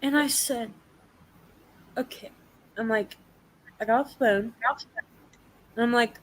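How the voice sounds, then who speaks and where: A woman's voice: fairly high pitch, takes it slowly, pauses often, poor audio. A young woman telling a story in a casual live chat, swearing freely and acting out the people she quotes. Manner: profane, animated storytelling.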